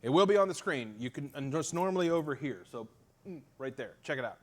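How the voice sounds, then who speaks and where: A man's voice: fairly high pitch, animated, quick pace. A man with a Pittsburgh accent hosting a casual talk show, telling stories animatedly and swearing freely. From Western Pennsylvania. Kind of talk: casual chat.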